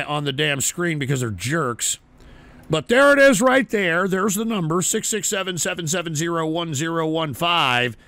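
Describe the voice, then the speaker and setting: A man's voice: a little high, a bit bright, no room sound. A man hosting a call-in show, swearing and ranting at trolls while taking shots on air. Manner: rowdy, swearing, mock-rants at trolls. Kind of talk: profane call-in show banter.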